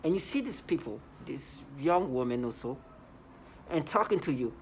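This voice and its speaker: A woman's voice: sits low, animated, brisk, a little hiss or hum. A woman talking casually to camera in a rambling, agitated monologue, full of restarts and repeated words. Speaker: vlogger.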